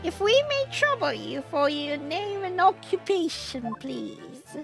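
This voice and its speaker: A woman's voice: very high voice, sing-song, slow pace, gravelly, fairly bright tone, full character voice. A woman voicing a pompous older male judge in a game, speaking formally and fussily, with music behind. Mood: fussy formal. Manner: formal, courtly and fussy.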